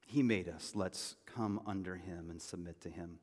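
Conversational pastor in a reverberant hall. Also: male voice, on the low side, fairly even intonation, normal speed, hardly any pauses. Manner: conversational, storytelling with asides and repeated phrases. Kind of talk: sermon.

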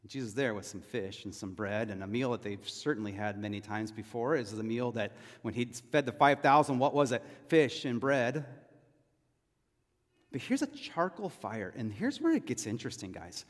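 With lively intonation in a mid-range voice, this pastor from California moves at a moderate pace. He preaches conversationally, telling stories broken up by asides and rhetorical questions for the congregation. A big hall gives the sound a long reverb.

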